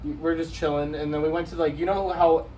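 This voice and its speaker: High-voiced young man rambling a story. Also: flat delivery, fast, warm tone. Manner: rambling, repeats himself, heavy swearing and filler "like". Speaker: podcast co-host. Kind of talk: casual chat and storytelling. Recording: distant mic with faint noise.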